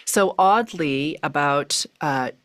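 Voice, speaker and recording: Middle-aged woman guest, low voice, animated storyteller who acts out her inner thoughts; dry close sound. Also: slow, no room sound. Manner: animated, acts out her own thoughts, many filler likes. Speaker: podcast guest. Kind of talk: personal storytelling in conversation.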